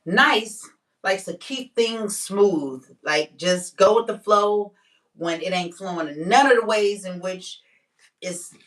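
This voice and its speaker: A woman vlogging in a casual, candid monologue, emphatic and slangy, slowing down to stress her points. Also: medium pitch, a bit bright, distant mic.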